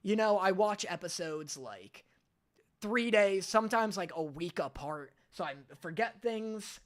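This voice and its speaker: Man, streamer, talks in loose rambling chat with a lively, bouncy pitch. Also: measured pace. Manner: rambling, self-deprecating, restarts often. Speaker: reaction streamer.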